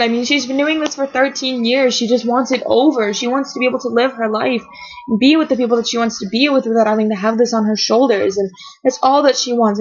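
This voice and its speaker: A woman with a fairly high voice gushes through an excited fan reaction, rambling and trailing off as her thoughts tumble out. The sound is dull and lo-fi, as if caught on a built-in webcam mic at home. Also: slightly rough. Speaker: vlogger reacting to a TV episode. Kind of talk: emotional fan reaction vlog.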